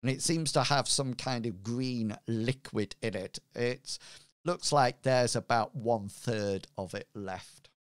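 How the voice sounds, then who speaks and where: A man narrating a tabletop game as game master, in an unhurried, rambling way with many "sort of, like" fillers. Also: medium pitch, clean tone, no echo, studio quality.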